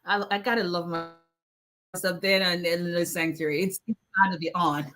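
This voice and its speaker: A woman's voice: on the low side, fairly even intonation, moderate pace, a bit bright. A woman, an immigration attorney casually chatting and joking with viewers on a live stream, laughing often and teasing.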